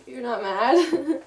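A woman's voice: high voice, a little mellow. A young woman vlogging with her partner, giggling through her words and apologizing often. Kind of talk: casual couple vlog. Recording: echoey room, mic at a distance.

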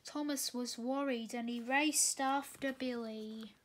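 A woman reads a children's picture book aloud, slowly and gently, now and then tripping and restarting a phrase. Her voice is high and the pace is unhurried. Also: steady tone, a little hiss or hum. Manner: gentle, with small slips and restarts. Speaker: reader. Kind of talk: reading a children's storybook aloud.

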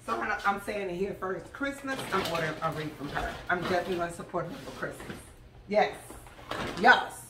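Woman, casual vlog chat, excitable and gushing, lower pitch, faint room noise. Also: brisk. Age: adult with school-age children. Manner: gushing and excitable, chatty with viewers. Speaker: vlogger sharing a grocery haul. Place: home kitchen.

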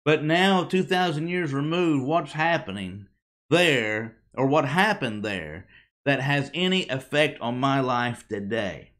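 A man delivers a sermon at a slow, measured pace in a mid-range voice. He leans on dramatic pauses and asks the congregation rhetorical questions. His phrases often drop low and soft at the end. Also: expressive. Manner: emphatic, with dramatic pauses and falling endings. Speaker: preacher.

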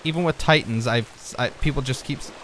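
A young man giving casual let's-play commentary, rambling and easily distracted, breaking into excited outbursts at what he finds on screen. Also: medium pitch, fairly quick, slight background noise. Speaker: gaming video creator.

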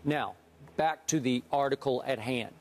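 A man arguing his point as a sports debate show host, growing emphatic and rising in pitch as he presses it. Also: unhurried. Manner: emphatic, rises in pitch when worked up.

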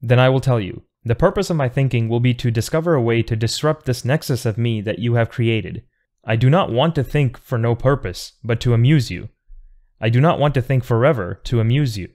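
A man's voice: mid-range voice, brisk, darkish tone, lightly acted. A man reading a defiant, thoughtful man. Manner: earnest, precise, argumentative. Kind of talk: audiobook reading.

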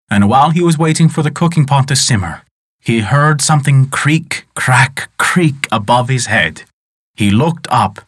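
A male storyteller reading an old folk legend in a measured, unhurried way. His voice sits at a mid pitch and sounds dry and close, with no room around it. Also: a bit bright, no room sound. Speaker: podcast storyteller. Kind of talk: storytelling narration of a folk tale.

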